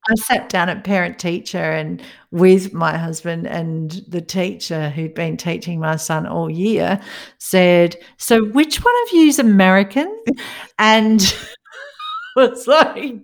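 A woman's voice: on the low side, slow pace, vocal fry. A woman from Australia co-hosting a podcast in casual chat, laughing often as she tells stories. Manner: chatty, laughs often, storytelling. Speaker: podcast co-host.

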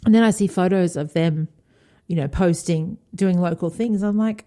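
A woman's voice: lowish voice, normal speed, mellow. An Australian woman co-hosting a podcast over a video call, telling stories in casual chat and laughing at herself. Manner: chatty storyteller, laughs at herself. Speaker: podcast co-host.

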